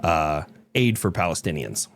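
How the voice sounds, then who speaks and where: A man co-hosting a podcast, reading out a news story haltingly and full of fillers, then joking. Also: sits low, very animated, vocal fry. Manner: halting, filler-heavy, jokey. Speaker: podcast co-host.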